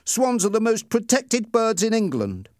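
A man voicing a small, gentle boy who grows angry and pleads, pitched well above his own voice. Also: wildly swooping pitch, unhurried, dry recording, clean studio sound, exaggerated voice. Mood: angry pleading. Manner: desperate, defiant.

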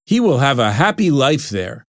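Narrator voicing a calm caring grandpa, audiobook, dry mic. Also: mid-range voice, normal speed, dry recording. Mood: kind. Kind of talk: audiobook reading.

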